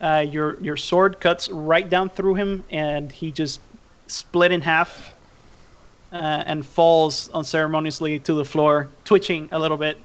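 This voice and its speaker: A man acting as game master, narrating a tabletop game in a relaxed way with frequent fillers. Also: fairly high pitch, measured pace, clear, resonant tone.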